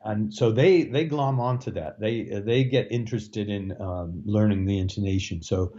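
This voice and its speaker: Man, professor, explanatory interview voice, low-pitched, dull lo-fi recording. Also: normal speed, mellow. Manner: explanatory, with frequent fillers and restarts. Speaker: Russian language professor. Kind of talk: interview answers.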